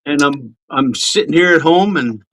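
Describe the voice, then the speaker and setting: A man joining a livestream from home, chatting in a relaxed, easygoing way. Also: on the high side, moderate pace, slight background noise, low-quality recording. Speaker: livestream guest. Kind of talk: casual chat.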